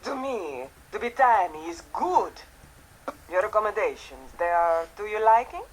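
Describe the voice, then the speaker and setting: An actress playing a vain, chatty Venetian landlady in a mystery game, with a lively, theatrical delivery. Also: medium pitch, unhurried, rough recording. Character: tanned Italian landlady in Venice, vain, chatty. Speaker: game character.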